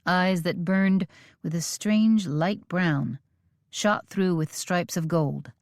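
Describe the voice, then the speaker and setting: A woman reading a western romance audiobook in measured, steady storytelling. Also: fairly low pitch, no echo, studio quality. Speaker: audiobook narrator. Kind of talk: scripted audiobook narration.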